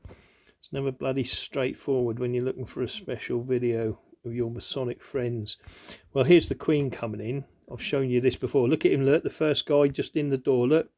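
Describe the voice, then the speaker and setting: Gravelly man rambling over video clips. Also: medium pitch, fairly even intonation, moderate pace, a little mellow. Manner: repetitive, keeps saying "look" and "you know what I mean". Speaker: conspiracy video host.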